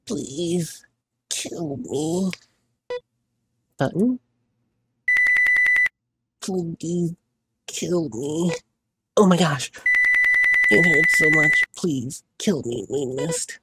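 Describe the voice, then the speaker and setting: A man's voice: a little high, lively intonation, fairly quick, vocal fry, heavy background noise, pitched above the performer's own voice. A man voicing a sweet mushroom girlfriend. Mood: pleading. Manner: tender and reassuring. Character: sweet young mushroom girlfriend, gentle and devoted.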